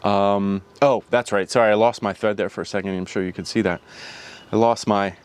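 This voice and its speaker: A man's voice: fairly low pitch, fairly even intonation, fairly quick, smooth. A man hosting his own vlog, talking casually in a rambling, reflective way and often restarting his sentences. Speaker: channel host.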